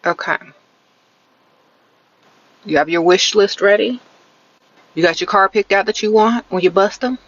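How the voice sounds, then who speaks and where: A woman's voice: mid-range voice, unhurried, long pauses, dull audio. A woman giving blunt, sassy dating advice on a live stream from inside her car, often ending her points with a teasing "okay?". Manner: sarcastic, teasing catchphrase "sprinkle, sprinkle". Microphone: phone held close.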